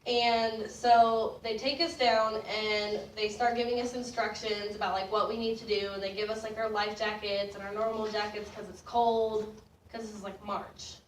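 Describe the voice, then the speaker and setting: A young woman telling a personal story in a casual, animated way, laughing and getting louder as it builds. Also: medium pitch, normal speed, a little hiss or hum. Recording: roomy distant mic with faint ambience.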